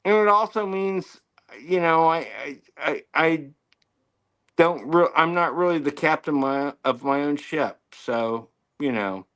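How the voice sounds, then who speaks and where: A man's voice: on the high side, a little slow, a bit bright, clear, resonant tone. An American man co-hosting a podcast, chatting casually in a rambling, self-mocking way with plenty of swearing. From United States. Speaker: podcast co-host. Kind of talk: casual banter.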